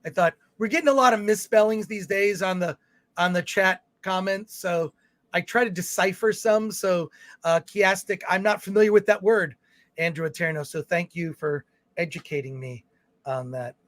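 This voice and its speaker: A man's voice: high-pitched, moderate pace, a bit bright, no room sound. A man co-hosting a film review livestream, reading viewer comments aloud in casual chat with fillers and restarts. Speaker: film review show co-host.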